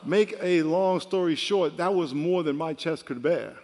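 Animated pastor in a reverberant hall. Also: male voice, a little high, unhurried. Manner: animated storytelling, swings from quiet to loud. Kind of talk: sermon. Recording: long reverb of a large hall.

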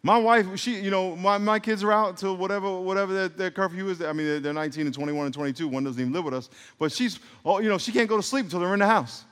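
A middle-aged pastor speaks fast with few pauses, his high voice fairly bright and smooth. He delivers his sermon in a church sanctuary with rambling jokes and calls for congregational responses, in a reverberant hall.

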